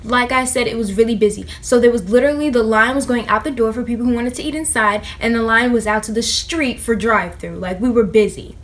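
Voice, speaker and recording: A young woman vlogger in casual storytime chat, animated and slangy as she talks straight to her viewers. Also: fairly high pitch, quick pace, hardly any pauses. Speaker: vlogger telling a work story.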